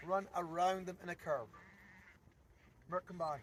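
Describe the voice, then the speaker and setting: A Scottish shepherd with a fairly high voice explains his sheepdog work in plain, simple words. He speaks outdoors in an open field. The recording is noisy, and dogs and sheep can be heard behind him. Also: steady tone, measured pace, pauses often, distant mic. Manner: explains plainly between short repeated commands to his dogs.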